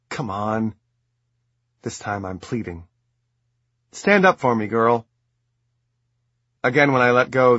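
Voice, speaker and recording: A man narrates a personal memoir in a low, husky voice. His delivery is quiet and measured, with tension rising in the anxious moments. The recording sounds dry and a little dull. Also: dry recording. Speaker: audiobook narrator.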